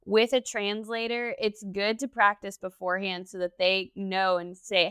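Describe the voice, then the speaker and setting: Woman, podcast co-host, enthusiastic chatty delivery, smooth clear voice, dry close sound. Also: medium pitch, little pitch movement, moderate pace, fairly bright tone, no echo. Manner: enthusiastic, conversational, frequent "you know". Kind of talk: casual podcast conversation.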